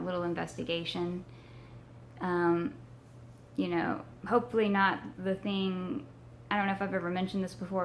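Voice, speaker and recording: A young woman from Texas chatting casually to her viewers, her voice hoarse from a sinus infection, rambling with many ums. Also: lowish voice, slight background noise. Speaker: paranormal vlogger. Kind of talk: casual vlog chat to camera.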